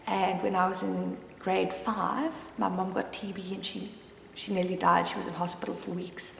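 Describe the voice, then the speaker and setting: In a personal confessional vlog, a mother candidly tells her own story, rambling and often restarting sentences. Her voice is lowish, flat in pitch, creaky and moderately paced, and the roomy recording has long reverb plus slight hiss or hum.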